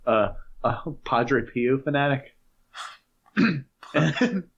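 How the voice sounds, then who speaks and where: A man's voice: mid-range voice, extremely slow, gravelly, slight background noise. A man in his thirties co-hosting a podcast in casual chat, often laughing while telling stories. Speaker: podcast co-host. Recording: dull lo-fi sound.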